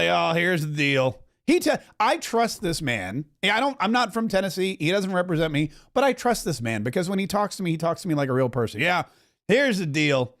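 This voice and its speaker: A middle-aged man from Canada hosts a political commentary podcast. His voice sits high for a man and leaps up and down lively as he talks. He jokes his way through the show. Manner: animated, joking, talks with his whole voice. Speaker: podcast host.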